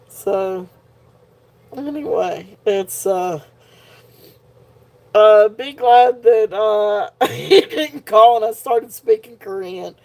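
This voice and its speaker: A woman's voice: medium pitch, expressive, very slow, creaky, pauses often, a little mellow. A woman hosting a live jewelry sale in casual chat, tired and punch drunk, giggling often as she talks. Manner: giggly, laughs often while talking.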